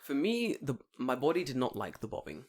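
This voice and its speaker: A man in casual podcast chat, animated and full of swearing. He acts out his own inner voice as he tells his stories. His voice sits at an ordinary middle pitch. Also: fairly quick. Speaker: podcast co-host.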